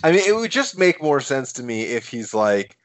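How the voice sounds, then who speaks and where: A man's voice: medium pitch, very animated, moderate pace. A man co-hosting a podcast, chatting casually and musing with puzzled questions about a film. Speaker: podcast co-host.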